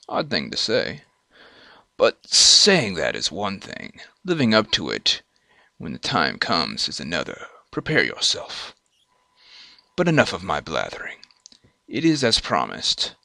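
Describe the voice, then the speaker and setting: A man voicing a weary old druid, speaking slowly and solemnly in a put-on accent, sinking to hushed whispers. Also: sits low, gravelly, no room sound, full character voice. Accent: put-on foreign accent, not his own. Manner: slow, solemn delivery with hushed, whispered drops.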